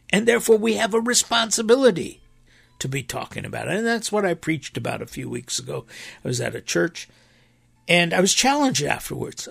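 Earnest male preacher in casual talk, very gravelly and husky, dry sound with faint music behind. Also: on the high side, no room sound. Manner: earnest, emphatic, with animated rises and quoted voices. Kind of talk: impassioned conversational talk.

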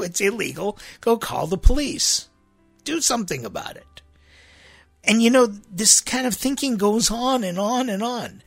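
A man serving as a church priest delivers a sermon in an easy, conversational way, circling back and repeating himself. His voice is gravelly and husky. Faint music is heard in the background. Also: high-pitched, sing-song, normal speed. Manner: rambling, repeats himself, rhetorical "right?" asides.

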